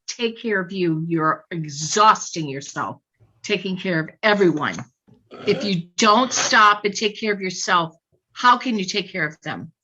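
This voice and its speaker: A woman's voice: fairly low pitch, lively intonation, measured pace, bright, forceful tone, highs cut off. A woman spiritual healer leading a live online session, insisting and repeating her points emphatically.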